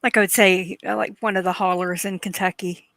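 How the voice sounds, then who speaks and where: A woman co-hosting an interview, speaking in a measured, hesitant way. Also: medium pitch, level tone, a bit bright, no echo. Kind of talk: casual interview chat.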